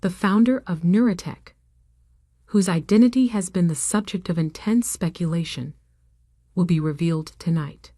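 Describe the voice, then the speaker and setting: A woman's voice: fairly low pitch, moderate pace, warm tone, no echo, studio quality, close to an everyday voice. A woman reading the lines of a formal male television news anchor. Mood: announcing. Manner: announcing, formal.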